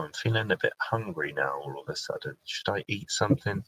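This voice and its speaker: A young British man with a low voice hosts a relaxed live-stream Q&A from home, talking into his laptop webcam mic. His tone is bright and forceful as he reads out viewer comments and chats. Every so often he breaks off into a small aside to himself. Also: measured pace, long pauses, husky, low-quality recording. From Britain. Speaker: live-stream host and radio presenter. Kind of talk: casual live-stream Q&A chat.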